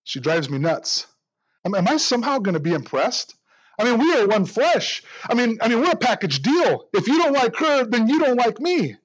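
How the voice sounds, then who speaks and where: A male pastor with a high-pitched voice preaches with earnest conviction. He often repeats the first word of a phrase before he gets going. The recording is dry and a little muffled. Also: very animated, a little fast, slightly rough, no echo. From United States. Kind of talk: sermon.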